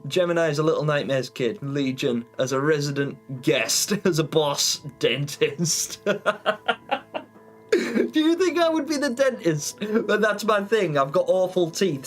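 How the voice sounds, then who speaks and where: A man hosting a live stream in casual chat, rambling and laughing often as he reads viewer comments. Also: fairly high pitch.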